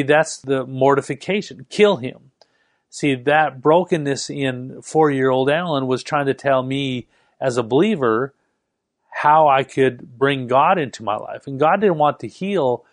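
A middle-aged man preaching a sermon in an earnest way, slowing down to stress key words. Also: medium pitch, no room sound, studio quality. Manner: earnest, with slow emphatic stresses.

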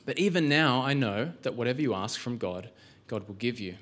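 A man's voice: mid-range voice, lively intonation, brisk, a bit bright. A male pastor giving a sermon in a church, conversational, with rhetorical questions and frequent restarts.

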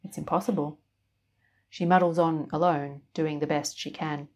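Woman, storyteller, scripted narration, low-ish pitch, even wry delivery. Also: moderate pace.

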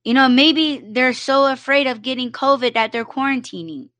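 A woman hosts a solo live podcast, ranting bluntly and emphatically with lots of swearing and fillers like "you know" and "like." Her voice sits high with a fairly bright tone at a moderate pace, and there's no echo.

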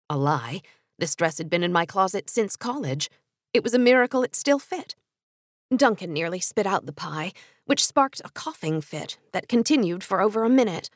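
A young adult woman telling a first-person story with expressive storytelling narration. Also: mid-range voice, moderate pace, dry recording, studio quality.

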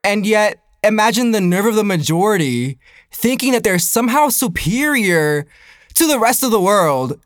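High-voiced man ranting, profane and animated. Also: brisk, no echo, studio quality. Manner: profane, animated, laughs often, voice jumps high when worked up. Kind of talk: casual comedic rant.

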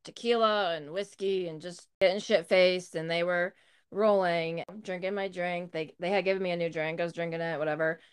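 Young woman cohost, blunt and candid, swears, smooth voice. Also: lowish voice, fairly even intonation, normal speed. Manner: candid and laughing, swears freely. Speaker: podcast co-host. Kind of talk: casual chat.

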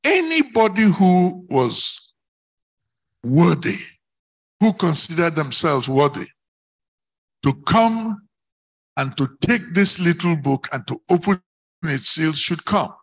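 A man preaching a sermon, slow and declamatory, rising into emphatic shouts on key words. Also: fairly high pitch, big pitch swings, slightly rough.

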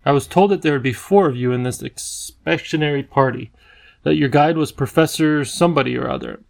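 A man voicing a regal, friendly male creature king with a deep voice and an engaging lisp, genial and a little fussy. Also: a little fast, creaky. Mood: curious.

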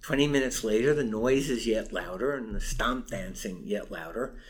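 A man's voice: on the low side, moderate pace. Emphatic older man telling a story. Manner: storytelling, emphatic, acts out quoted exchanges. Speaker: interview guest. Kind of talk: recounting a campus case in conversation.

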